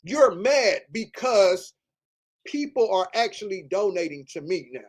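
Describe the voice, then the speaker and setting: A man's voice: sits high, very animated, measured pace. A man hosting a livestream, ranting in a heated, profane, repetitive way. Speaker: livestream host. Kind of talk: livestream rant.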